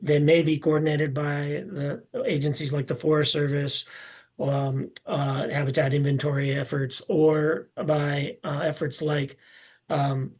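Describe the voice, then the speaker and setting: A man presenting a seminar, answering questions in a hesitant, measured way with many pauses and restarts. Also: a little high, darkish tone, slightly rough.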